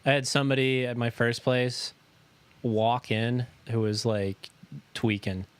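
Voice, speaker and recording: A man co-hosting a podcast in casual chat, joking and swearing in quick banter. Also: medium pitch, level tone, clear, resonant tone. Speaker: podcast co-host.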